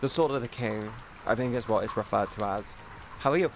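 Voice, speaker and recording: A man chatting casually on a live stream, rambling and excitable, swearing often and restarting sentences. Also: on the low side, a little fast, creaky, noisy background.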